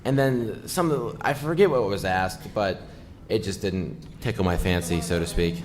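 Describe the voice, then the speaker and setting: A man's voice: sits low, moderate pace, a little hiss or hum. A tired man recounting an event casually, a little hesitant. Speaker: podcast guest. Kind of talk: casual recap.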